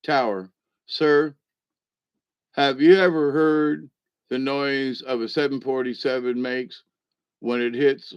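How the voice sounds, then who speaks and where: Slow, wry man reading jokes. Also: medium pitch, fairly even intonation, smooth, no echo, highs cut off. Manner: chuckling, wry asides between jokes. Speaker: comedy reader.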